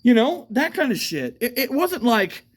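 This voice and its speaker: A man's voice: extremely high pitch, sing-song, moderate pace, husky. A man rambles through a casual monologue. He swears freely, trails off, and circles back with fillers and repeated starts, as if talking off the cuff outdoors at night. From United States. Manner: profane, meandering, with frequent fillers and restarts.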